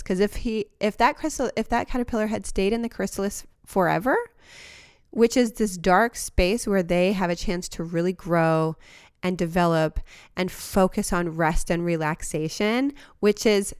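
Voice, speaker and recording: A woman hosting a podcast who talks in an earnest, heartfelt, reflective monologue and sometimes laughs softly or restarts a phrase. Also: mid-range voice, clean tone, no room sound, clean studio sound. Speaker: podcast host.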